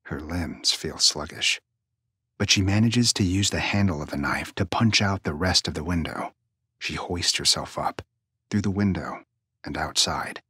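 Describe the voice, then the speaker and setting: A man narrating a suspense story in a hushed, tense manner, often dropping near a whisper. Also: deep voice, breathy edge, no echo, studio quality.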